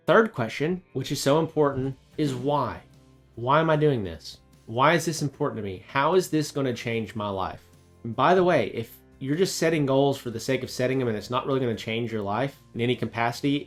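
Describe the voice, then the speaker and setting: A man in his thirties, a woodworking business coach, talking to camera in an emphatic, motivational way with rhetorical questions. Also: medium pitch. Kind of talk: direct-to-camera coaching talk.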